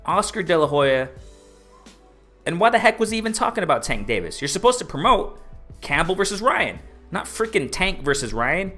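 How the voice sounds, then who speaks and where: A man talks over a casual live stream, ranting with a lively voice that jumps up and down in pitch. He hammers his points home by repeating whole phrases. Faint music plays in the background. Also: normal speed. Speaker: boxing live-stream host.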